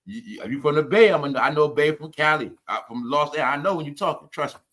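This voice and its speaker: A man's voice: a little high, fast, fairly bright tone. A man hosting a podcast, talking in a casual, profane and emphatic way and repeating his points. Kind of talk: casual chat.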